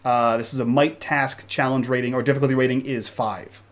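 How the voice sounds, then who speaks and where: A man's voice: medium pitch, little pitch movement, a little fast. Man improvising as game master. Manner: loose, improvised descriptive narration. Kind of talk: narrating a tabletop game live play.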